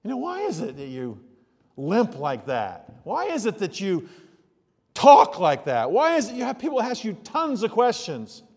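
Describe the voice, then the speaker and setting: A man preaching a sermon, telling stories and moving from hushed asides to loud, emphatic outbursts. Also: high voice, huge pitch swings, measured pace, husky, in a large hall. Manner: storytelling, swings from soft asides to loud exclamations. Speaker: pastor.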